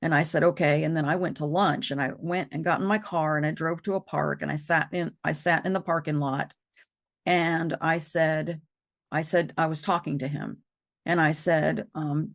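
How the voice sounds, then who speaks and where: A woman talking about losing loved ones, halting and repeating herself as she tells it. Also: low voice, steady tone, gravelly. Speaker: co-host. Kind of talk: emotional personal conversation.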